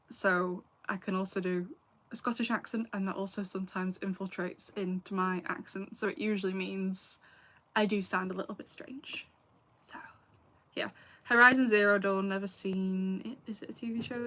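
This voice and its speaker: A woman's voice: mid-range voice, steady tone, moderate pace, bright, forceful tone. A woman in her late twenties with a Lancashire accent with a slight Scouse edge, casually chatting through questions from a live chat and often laughing. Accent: Lancashire English, a little Scouse. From England. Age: 20s. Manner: chatty, laughing, drops into asides. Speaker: youtuber answering live chat.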